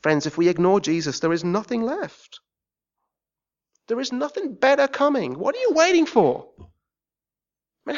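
An English man preaching a sermon in a church, swinging between shouted rants and quiet pleading. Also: very high-pitched, very animated, unhurried, pauses often, muffled recording. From England. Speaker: visiting preacher.

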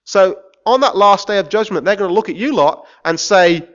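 An English man preaching a sermon in a church, swinging between shouted rants and quiet pleading. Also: sits high, normal speed, dull audio. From England. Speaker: visiting preacher.

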